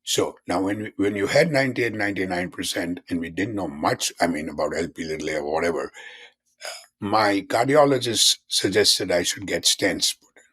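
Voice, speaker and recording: A man's voice: deep voice, normal speed, fairly bright tone, breathy edge. An older man in his seventies, a physician guest in a conversational interview, who explains in an earnest way and repeats key terms.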